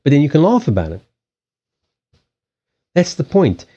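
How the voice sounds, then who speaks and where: Blunt, animated man, lo-fi stream. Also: fairly high pitch, moderate pace. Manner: blunt, animated, swears, acts out quoted lines. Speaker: livestream host. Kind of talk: casual chat.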